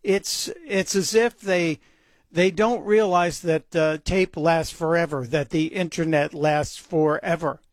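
A man's voice: fairly high pitch, steady tone, takes it slowly, no echo. A man hosting a talk radio show, delivering a sarcastic, mocking opinion monologue into a close studio mic.

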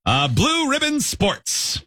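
A man's voice: very high voice, slow pace, no room sound, studio quality. A man hosting a radio show, teasing players and laughing through a silly word game. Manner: teasing, animated, laughs often.

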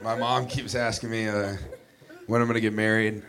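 A man in his twenties doing a stand-up comedy set, halting and self-deprecating, often restarting his sentences. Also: lowish voice, little pitch movement, a bit bright. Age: 20s.

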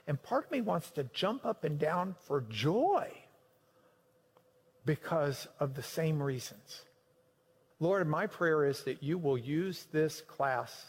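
Slow animated male preacher in a hall. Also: slightly rough. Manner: animated, swinging from loud emphasis to low quiet. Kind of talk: sermon. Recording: long hall reverb.

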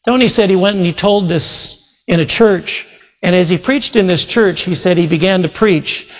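A male pastor preaching a sermon, retelling a story full of quoted speech, his pace shifting between slow and quick. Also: high-pitched. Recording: long hall reverb.

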